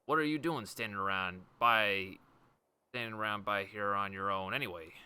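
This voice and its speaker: A man voicing a cheeky small male fairy sidekick from a game, loud and full of slang. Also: lowish voice, normal speed, smooth. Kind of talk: reading game dialogue aloud in character.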